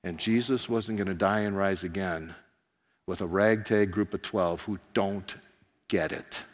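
A man preaching a sermon as pastor, telling the story in an animated way and acting out the characters. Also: a little slow. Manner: animated storytelling, voicing characters with rising pitch and volume. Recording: long hall reverb.

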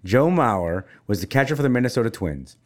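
A man's voice: medium pitch, fairly quick. A middle-aged man hosting a casual chat, playful and teasing, talking straight to his listeners. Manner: animated, playful teasing, talks to listeners as folks. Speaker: podcast host.

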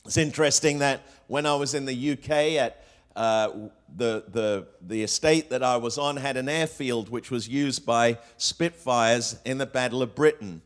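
A pastor preaches a sermon to his congregation, posing rhetorical questions and weaving in quotes amid frequent fillers and restarts. His voice is medium in pitch and his pace moderate.

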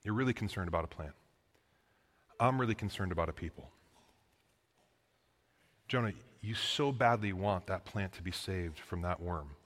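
A man voicing God as a patient, fatherly teacher who reasons calmly and earnestly. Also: fairly low pitch, moderate pace, pauses often. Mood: gentle. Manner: calm, earnest, gently reasoning. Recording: long echoing reverb.

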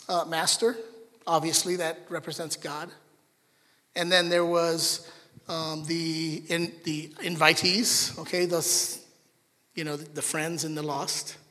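Male pastor, high bright voice, lively sermon delivery, long hall reverb. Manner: animated, chatty asides to the congregation.

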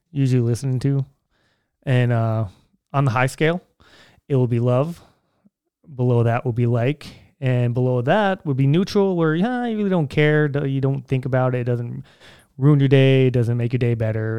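A young man musing aloud on his podcast in a loose, meandering way, full of "uh" and restarts. His voice is smooth and resonant, and it sits dry and close to the mic. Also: medium pitch, darkish tone, no echo. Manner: rambling, conversational, many fillers and restarts. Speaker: podcast host. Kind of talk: casual solo podcast monologue.

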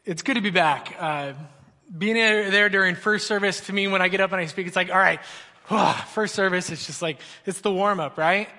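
Guy preaching to a church crowd, pretty high voice, chatty and jokey, long echo off the hall. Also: a little fast. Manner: energetic, joking, conversational preaching. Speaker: student pastor. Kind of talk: sermon. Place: large church auditorium.

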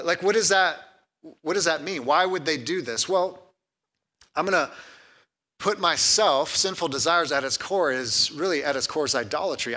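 Preaching in a fairly high-pitched male voice, this pastor keeps his sermon conversational and lively. He tends to repeat words and slips jokes in along the way.

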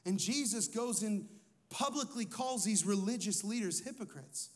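A man's voice: high-pitched, animated, normal speed. A man who is a lead pastor, preaching a sermon in a conversational way, asking his listeners questions and telling personal stories.

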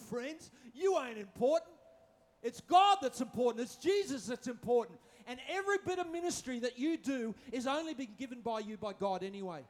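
High-voiced joking preacher man. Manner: humorous, acting out quotes, repeats phrases. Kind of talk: sermon.

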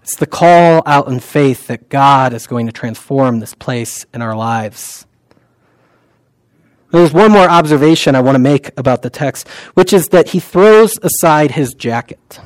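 A man preaching a sermon in a conversational way, with many fillers, and reciting prayers softly. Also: mid-range voice, lively intonation, unhurried, dry recording, low-quality recording.

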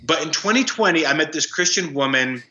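A young man, a guest in an interview, telling a story in a halting way with many fillers and restarts. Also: on the high side, animated, sharp tone. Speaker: guest, anti-trafficking worker. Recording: roomy, dull lo-fi sound.

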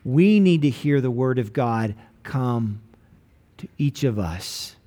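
A man preaching a sermon as a pastor, slowing down to stress key lines. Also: medium pitch, expressive, warm tone.

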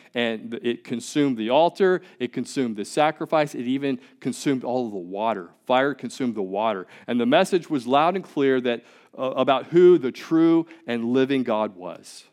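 Guy preaching a sermon, mid-pitched voice, talks plain and punchy, repeats himself. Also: animated, normal speed, a little mellow. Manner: conversational and emphatic, with repeated words. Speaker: pastor.

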